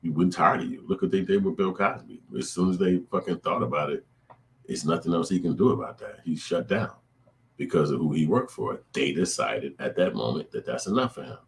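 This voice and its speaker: Man, very deep voice, blunt profane monologue, faint background hum. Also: lively intonation, a little fast, vocal fry. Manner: blunt, profane, preachy ranting with acted-out quotes. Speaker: show host. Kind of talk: casual opinion monologue to viewers.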